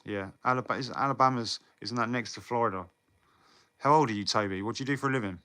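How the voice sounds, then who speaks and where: This young man from Britain talks fast in a medium-pitched voice that sounds pushed and bright. Chatting casually on a live stream, he rambles, swears a lot, fields viewer comments, and laughs between lines.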